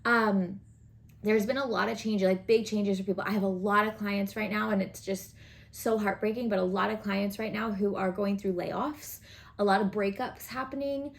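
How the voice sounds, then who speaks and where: A tarot reader with a gravelly mid-range voice speaks at normal speed and fairly even intonation during a casual reading to camera. Earnest and chatty, she keeps an encouraging, coaching tone and regularly asks "right?" or "okay?"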